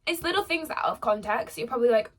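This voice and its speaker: A woman's voice: fairly high pitch, lively intonation, fast talker. A young woman who is a book vlogger, chatting casually to camera at home in a bubbly, gushing way. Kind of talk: casual vlog talk to camera.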